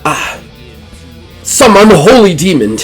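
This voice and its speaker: A man voicing a pious, commanding high church leader who speaks in formal, measured pronouncements. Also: sing-song, breathy edge, faint music behind, heavily acted, rough recording. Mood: solemn.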